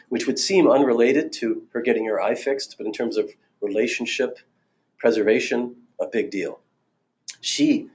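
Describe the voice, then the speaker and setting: An older man in his sixties leads a recorded training session on marriage therapy. His voice sits a little low, and he talks in a loose, conversational way, telling case stories with plenty of ums and restarts. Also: a little mellow. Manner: conversational, anecdotal, with fillers and restarts.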